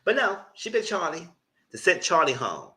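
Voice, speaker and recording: Sassy, lively man recapping reality TV. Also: moderate pace. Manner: sassy, blunt, slangy, breaks into mocking high voices. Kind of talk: live recap commentary.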